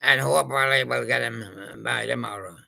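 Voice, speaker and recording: A man casually narrating an improvised toy story, rambling and hesitant with many pauses. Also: medium pitch, creaky, sharp tone.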